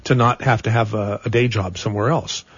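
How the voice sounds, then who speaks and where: A man's voice: lowish voice, steady tone, fairly quick, breathy edge, no room sound, muffled recording. A man hosting a casual interview, rambling and often repeating words as he looks for the right phrasing. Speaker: interview host.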